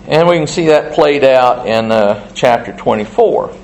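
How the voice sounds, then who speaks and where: A man reading scripture aloud and explaining it in plain, halting asides, as in a Bible study. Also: mid-range voice, expressive, gravelly, a little mellow, poor audio. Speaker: Bible teacher.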